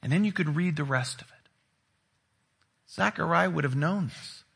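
A male pastor delivering an expressive, emphatic sermon, leaning on dramatic pauses. His voice is bright and husky and sits a little high for a man.

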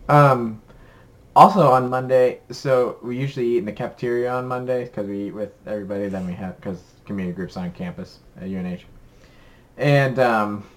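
A young man chats casually on a podcast. He rambles in an upbeat way and fills his pauses with ums. His voice sits at a middle pitch. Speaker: podcast co-host. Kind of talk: casual chat.

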